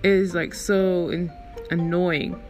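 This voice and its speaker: A woman's voice: fairly low pitch, slow, faint music behind. A woman hosting her own show, telling a personal story in a casual, rambling way. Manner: chatty, rambling, animated in recounting. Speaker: storyteller host.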